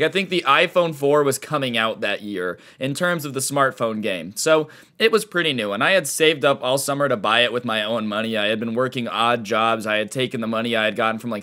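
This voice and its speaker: A man's voice: medium pitch, bright, forceful tone. A young man casually telling a storytime tale, chatty and sarcastic, acting out the people he quotes. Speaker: storytime YouTuber.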